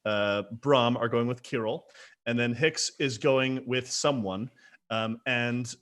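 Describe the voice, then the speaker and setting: A man's voice: mid-range voice, takes it slowly. Easygoing male game master. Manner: relaxed, rambling with fillers. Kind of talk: narrating a tabletop game.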